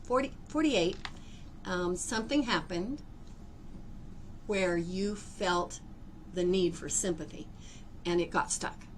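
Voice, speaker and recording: A woman leading a live energy-healing demonstration, theatrical and expressive, often breaking into laughter. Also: lowish voice, slow pace, pauses often, a little hiss or hum. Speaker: energy healer.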